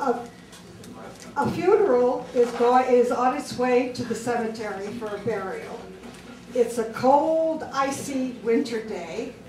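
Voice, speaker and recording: A woman doing stand-up comedy on a club stage, telling jokes in a slow, deliberate way with filler pauses. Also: on the high side. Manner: deliberate, drawn-out joke delivery with filler pauses. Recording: roomy club sound from far off, crowd noise.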